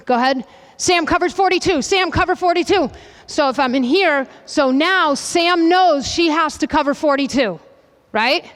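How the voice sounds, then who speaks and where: Brisk woman coach in an echoing hall. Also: sits high. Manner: brisk, directive, checks in with frequent "okay?"; calls out commands loudly. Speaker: soccer coach running a goalkeeping demonstration. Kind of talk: on-field coaching demonstration. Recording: reverberant hall, voice from a distance.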